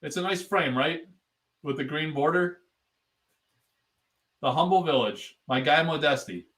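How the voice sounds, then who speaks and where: A man from the Northeastern United States hosts his card-collecting channel, opening packs at home while he tells rambling, joking stories full of trash-talking banter. His voice is fairly high and fairly bright, and he speaks a little slowly.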